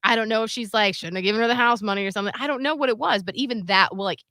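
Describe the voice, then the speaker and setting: This young woman co-hosts a radio show, her voice on the high side and very fast as she chats casually. She tells stories animatedly, full of "like" and quoted voices. The studio sound is clean with no echo.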